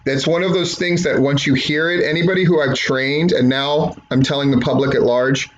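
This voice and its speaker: A man's voice: a little high, steady tone, normal speed, lo-fi sound. Profane, opinionated man reviewing wrestling. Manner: blunt, profane and opinionated, mocking impressions. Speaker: wrestling match reviewer and trainer. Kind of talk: profane rant-style review commentary.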